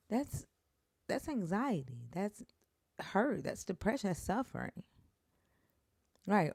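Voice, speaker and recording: A woman with a low voice speaks earnestly in a casual chat, cursing when upset and leaping sharply upward when feelings rise. The sound is dry and close. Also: dark tone, no echo.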